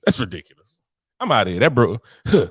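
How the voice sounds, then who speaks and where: A man co-hosting a casual podcast, loud and profane, joking and laughing often. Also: mid-range voice, big pitch swings, fast talker, slightly rough, no echo, clean studio sound. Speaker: podcast co-host.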